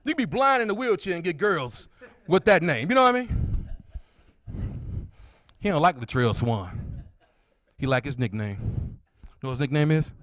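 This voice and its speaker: Stand-up comic, man, 40s, bright tense voice, loud high impressions of his friends. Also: very animated, normal speed, long pauses, dry recording. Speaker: stand-up comedian. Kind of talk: stand-up comedy set. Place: comedy club stage.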